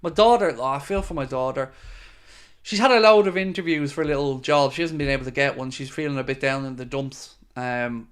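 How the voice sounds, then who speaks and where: A man's voice: medium pitch, clear, resonant tone. A middle-aged man hosting a casual fan live stream, reading out viewer comments in a chatty, friendly way. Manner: chatty and friendly, with frequent fillers. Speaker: fan channel host.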